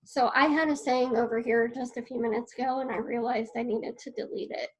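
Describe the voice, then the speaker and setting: A woman's voice: a little high, fairly even intonation, fairly quick, rough recording. A woman teaching a class in an earnest, personal way, repeating key phrases as she writes notes on a board. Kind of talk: casual spoken lesson.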